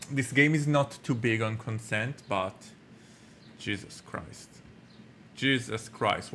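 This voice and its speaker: A man giving joking, rambling let's-play commentary with halting restarts. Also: lowish voice, fairly bright tone, a little hiss or hum. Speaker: game streamer.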